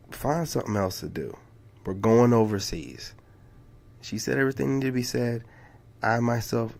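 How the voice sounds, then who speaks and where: Guy with a kinda raspy fry voice doing casual reaction commentary, slangy, keeps saying man. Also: on the low side, a little mellow. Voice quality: drawling, slangy, says "man" a lot. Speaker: YouTube reaction host.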